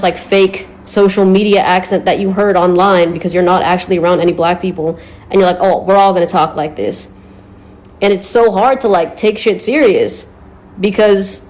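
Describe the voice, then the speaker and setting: A woman's voice: medium pitch, a little mellow, low-quality recording. A woman ranting bluntly to the camera, exasperated and swearing freely. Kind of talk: casual rant to camera.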